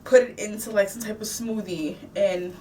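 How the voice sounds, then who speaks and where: A woman speaks openly to her viewers in a personal vlog, her talk rambling and emotional. Her voice sits at an ordinary middle pitch. The mic is a little way off, with a faint hiss of background noise. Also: steady tone, moderate pace, dark tone, recorded from a distance. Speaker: vlogger.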